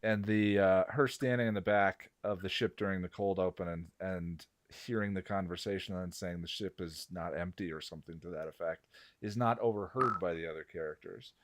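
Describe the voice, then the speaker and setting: A man hosting a casual panel discussion, animated and halting, with frequent restarts. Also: deep voice, a little hiss or hum. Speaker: podcast host.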